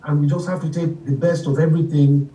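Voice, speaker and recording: Middle-aged Nigerian musician guest, animated storyteller, mellow voice, picked up from a distance in a roomy space. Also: male voice, on the high side, brisk. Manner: animated, acts out quoted voices, laughs often. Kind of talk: casual storytelling interview.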